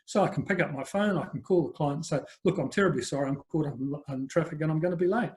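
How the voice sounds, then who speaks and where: A man's voice: on the high side, quick pace, a little mellow. Chatty New older man. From New Zealand. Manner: chatty anecdotal storyteller, frequent fillers. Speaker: guest, business coach. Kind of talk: conversational interview storytelling.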